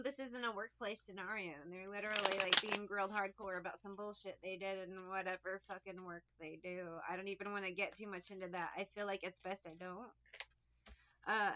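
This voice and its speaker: Bright-voiced, profane woman reading tarot. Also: a little high, dull audio, slight background noise. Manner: profane, rambling, sarcastic. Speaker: tarot reader.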